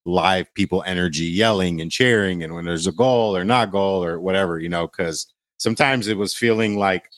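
A man's voice: low-pitched, normal speed, no echo, clean studio sound. A man from Glendale, California, chatting loosely as a guest DJ, full of fillers and casual swearing. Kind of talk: casual podcast chat.

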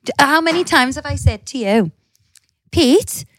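A woman's voice: high voice, lively intonation, fairly quick, fairly bright tone. A woman co-hosting a podcast in casual banter, teasing her partner and mocking him with put-on voices. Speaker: podcast co-host.

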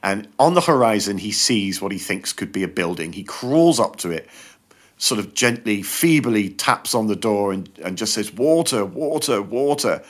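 A man's voice: lowish voice, moderate pace. A man chatting on a podcast, telling long jokes and acting out the characters in them. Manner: animated storyteller acting out joke characters. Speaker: podcast guest. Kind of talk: casual chat.

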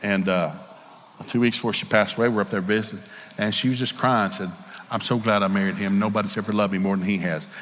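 A man's voice: on the low side, fairly even intonation, quick pace, a bit bright, in a large hall, slight background noise. A middle-aged man with a Southern American accent, preaching a storytelling sermon in a folksy, candid way and acting out the voices in his stories. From Southern United States.

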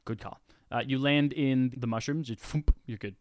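A game master narrating a tabletop game, animated, slipping into characters' voices. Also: mid-range voice, moderate pace, dry recording, studio quality.

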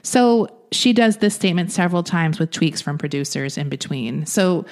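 A woman's voice: fairly low pitch, lively intonation, normal speed, a little mellow. A woman co-hosting a podcast, chattily recapping a story, laughing often and saying "like" a lot. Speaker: podcast co-host. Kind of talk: casual chat recapping a story.

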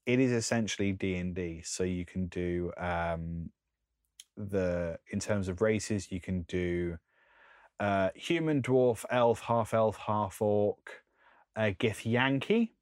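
A man with a very low voice chats loosely on a podcast, filling gaps with ums and little laughs. He is recorded close on a microphone in a dry, dead room. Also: takes it slowly, darkish tone, clean tone, dry recording. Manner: rambling, lists things with frequent ums and laughs. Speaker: podcast co-host. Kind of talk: casual chat.

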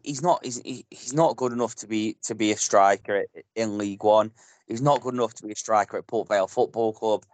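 A man's voice: on the low side, no room sound. Blunt, fired-up man. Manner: blunt, passionate, swears freely. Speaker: podcast co-host. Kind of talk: casual football podcast chat.

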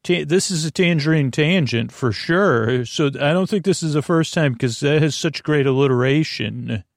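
A man hosting a bedtime podcast in a creaky voice, wandering off topic and repeating himself as he talks. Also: fairly high pitch, moderate pace, no room sound, studio quality. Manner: meandering, repeats himself, goes off on tangents. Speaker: sleep podcast host. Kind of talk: rambling bedtime monologue.

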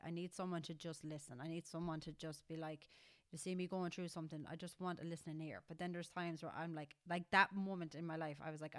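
Young Irish woman co-host, candid and chatty with a lower pitch, recorded dry. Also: fairly bright tone, no echo. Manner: candid, rambling, many fillers and restarts. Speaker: podcast co-host. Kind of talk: casual chat.

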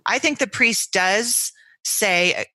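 A woman's voice: medium pitch, takes it slowly, bright, forceful tone, no echo. A woman co-hosting a book-club podcast, talking in a reflective way and searching for her words. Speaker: podcast co-host. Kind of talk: thoughtful book-club discussion.

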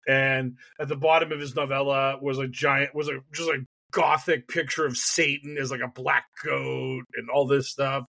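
A man co-hosting a casual comedy podcast, telling a story with laughs and quick mimicry. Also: mid-range voice, level tone, creaky, sharp tone. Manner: storytelling, laughs often, mimics people in quotes. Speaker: podcast co-host.

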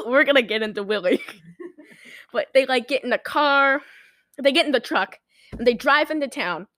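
A woman's voice: high voice, moderate pace, no echo, studio quality. A woman in casual chat, animatedly retelling a movie plot and slipping into the characters' lines. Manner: chatty, animated retelling with quoted character voices.

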